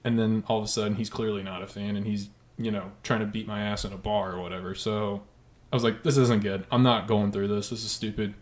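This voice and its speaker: A young man telling a long, profane story in a casual podcast chat, animated and swearing freely. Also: on the low side, brisk, echoey room.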